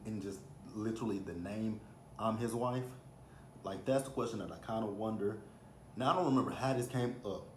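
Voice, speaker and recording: Recapping a reality TV episode, this chatty Texan in his thirties acts out quotes with plenty of animation. He has a fairly low voice, and the recording carries roomy echo, faint ambience and slight hiss or hum.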